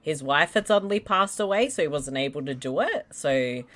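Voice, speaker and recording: Casting: animated, giggly woman podcast co-host, casual film chat. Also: sits low, normal speed. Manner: giggly, animated, swears freely.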